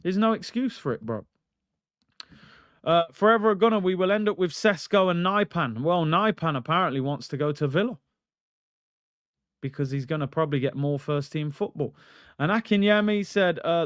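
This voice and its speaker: A man hosts a live football stream with animated, ranting fan commentary, and he reads out viewers' chat comments. His voice sits a little high for a man. The sound is dry and slightly dull, like home streaming audio. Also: normal speed, smooth, no echo. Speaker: football channel host. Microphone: streaming mic.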